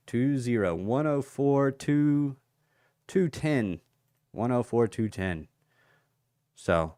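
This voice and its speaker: Greeting viewers by name and reading out their comments, a man thinks aloud over price levels as he hosts a relaxed, casual crypto chart-analysis livestream, taking his time. He's chatty, with a lowish, smooth, clear voice, and the sound is dry and close, free of echo or room.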